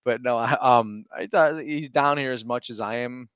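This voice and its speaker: A man's voice: mid-range voice, moderate pace, fairly bright tone, smooth, no echo, muffled recording. A man in his thirties, co-hosting a casual chat over a remote call, telling rambling stories and laughing often. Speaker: podcast co-host.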